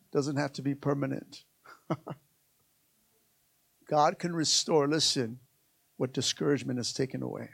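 A man's voice: medium pitch, creaky. A man preaching a sermon as pastor, emphatic and repetitive, calling out to his congregation again and again.

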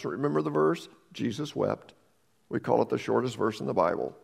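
A man preaching a sermon as pastor, moving between dramatic rises and hushed near-whispers, often repeating the first words of a phrase. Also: medium pitch, expressive, moderate pace, creaky.

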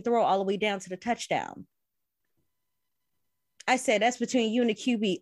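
Lively, profane woman telling a story. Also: mid-range voice, moderate pace, long pauses, no room sound, studio quality. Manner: animated, profane, laughing storyteller. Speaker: podcast co-host. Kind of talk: casual storytelling chat.

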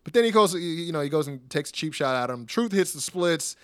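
A man hosting a podcast, recapping wrestling in casual, animated chat, laughing often and acting out quotes. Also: fairly high pitch, brisk, clear, resonant tone, no room sound, studio quality.

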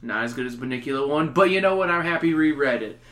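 A man's voice: fairly high pitch, expressive, fast, a bit bright. A man hosting a podcast in casual chat, upbeat and rambling with restarts. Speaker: podcast host.

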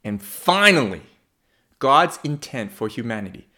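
A man's voice: mid-range voice, big pitch swings, measured pace, sharp tone. A man preaching a sermon in a conversational, humorous way, asking the congregation questions.

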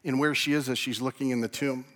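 A man preaching a sermon, animated, swinging from loud emphasis to hushed tones. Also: medium pitch, fast talker. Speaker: pastor. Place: church.

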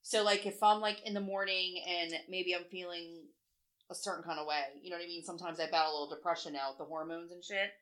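A woman's voice: on the low side, fairly even intonation, quick pace, a bit bright. A woman in her forties telling stories in casual podcast chat, blunt and profane, acting out what people said. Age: 40s. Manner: blunt, profane storytelling with acted-out quotes. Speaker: podcast co-host.

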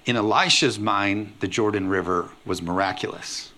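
Animated pastor preaching. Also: male voice, on the low side, normal speed. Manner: animated, acts out quoted voices with humor. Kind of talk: sermon.

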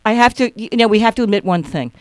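A man's voice: high voice, quick pace, noisy background. A man co-hosting a talk radio show, telling a story casually and animatedly, acting out the people he quotes. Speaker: guest host.

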